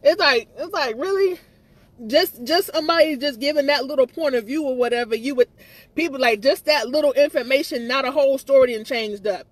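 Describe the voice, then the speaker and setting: A woman's voice: high-pitched, fairly quick. A woman in a casual live-stream rant, agitated and rambling, repeating herself and swearing, with speech. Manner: swears freely, stammers on restarts. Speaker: livestreamer.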